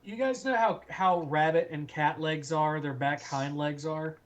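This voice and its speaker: A player in a casual tabletop game, explaining things in a halting way with restarts. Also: mid-range voice.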